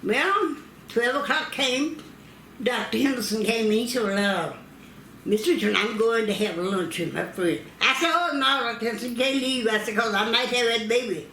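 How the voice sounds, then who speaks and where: An older woman from North Carolina in the United States, interviewed about her family history, recalls childbirth stories, acting out quoted voices and laughing often. Her fairly high voice is a bit bright at a normal speed, with reverberant sound and slight background noise.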